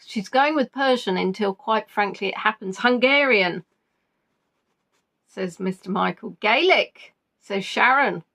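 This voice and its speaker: A woman's voice: mid-range voice, a little slow, a bit bright. A woman hosting a live-stream quiz in a chatty, giggly way, reading out viewers' answers and teasing them. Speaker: quiz host.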